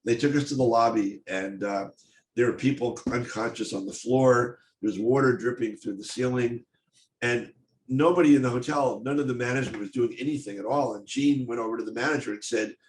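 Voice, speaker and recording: An older man recounts his story on stage in a halting, intense voice, often restarting his sentences. His voice sits at an ordinary middle pitch. It rings around an echoey hall with a faint hiss underneath. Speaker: speaker. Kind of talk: personal storytelling talk. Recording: echoey room, faint noise.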